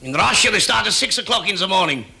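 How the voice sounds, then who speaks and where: A stern, boastful Soviet leader, as a comedian puts him on in a stand-up routine. The voice is pitched up, clipped and bright, and the man delivers each short brag as a punchline. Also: very animated, quick pace, gravelly, heavily acted.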